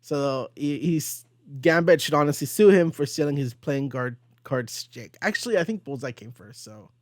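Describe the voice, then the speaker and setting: A young man hosting a casual comic book podcast, giggly and animated as he recaps pages and quotes the dialogue. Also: fairly high pitch, normal speed, no room sound, studio quality. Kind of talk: casual chat.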